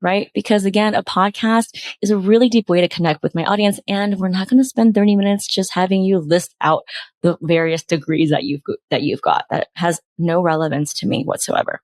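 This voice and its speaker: A woman podcast host reading out bad pitches and critiquing them with exasperated, sarcastic commentary. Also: fairly even intonation, brisk, darkish tone, no echo.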